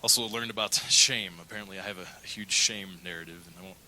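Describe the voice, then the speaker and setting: A man's voice: on the low side, fast talker, bright, forceful tone, low-quality recording. A middle-aged male pastor preaching a sermon, telling a candid personal story and acting out the quotes. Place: church.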